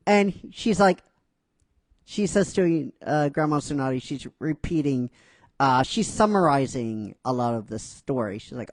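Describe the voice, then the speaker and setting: A man's voice: fairly high pitch, lively intonation, moderate pace, no room sound. A man casually narrating a fan-written story, chatty and rambling with many fillers.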